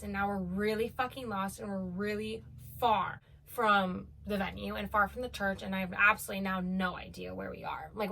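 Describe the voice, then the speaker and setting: Bright chatty young woman from Omaha. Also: mid-range voice, creaky. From Omaha, United States. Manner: chatty and profane, with many "like" fillers. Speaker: vlogger. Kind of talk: casual storytime vlog.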